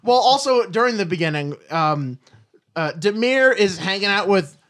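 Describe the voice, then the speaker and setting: Brief: young male co-host, high voice, playful and mocking. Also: animated, normal speed, a bit bright. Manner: jokey, breaks into put-on voices. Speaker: podcast co-host. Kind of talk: casual chat.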